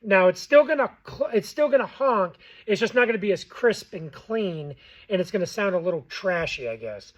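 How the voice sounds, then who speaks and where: A man's voice: high-pitched, animated, moderate pace, a little hiss or hum, low-quality recording. A man giving a casual how-to tutorial on goose calling, plainspoken and loose, repeating himself with fillers. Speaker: goose call instructor.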